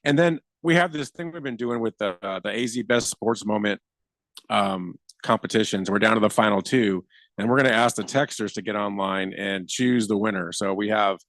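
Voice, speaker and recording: A man's voice: fairly low pitch, normal speed, fairly bright tone, dry recording. A man co-hosting sports talk radio in a laid-back way, running through the upcoming topics. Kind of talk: casual radio chat. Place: radio studio. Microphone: studio mic.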